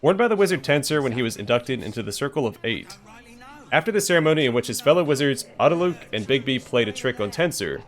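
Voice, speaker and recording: A man's voice: medium pitch, a bit bright. A man hosting a let's play, reading item descriptions aloud with dry, joking asides. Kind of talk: gameplay commentary, reading item text aloud.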